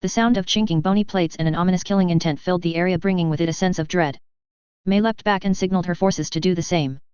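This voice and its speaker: A reader narrating a first-person fan fiction story aloud in a brisk, even storytelling read. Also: medium pitch, clear, resonant tone, no room sound. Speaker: audiobook reader. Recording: dull lo-fi recording.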